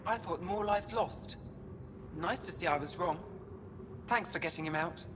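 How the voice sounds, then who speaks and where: A woman's voice: lowish voice, a little slow, noisy background, natural voice. An actress playing a blunt, sarcastic woman mechanic who is a mother in a video game. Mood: wry. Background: game music.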